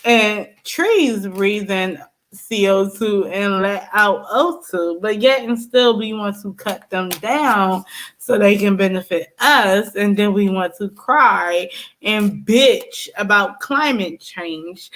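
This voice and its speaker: A woman's voice: mid-range voice, slow, a bit bright. A young woman tarot reader ranting casually to camera, blunt and swearing, laughing between points. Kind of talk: profane casual rant to camera.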